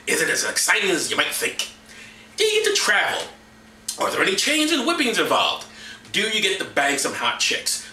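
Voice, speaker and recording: Sarcastic male comedy reader, lively pitch, very bright tone, echoey room at a distance. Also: a little hiss or hum. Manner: mocking, jumps into silly high voices for characters. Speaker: comedy vlogger. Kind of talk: sarcastic bible reading commentary.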